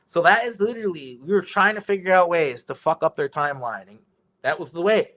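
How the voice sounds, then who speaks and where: Rambling profane man, higher pitch. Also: brisk, fairly bright tone. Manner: rambling, profane, many restarts. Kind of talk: casual conversation, storytelling.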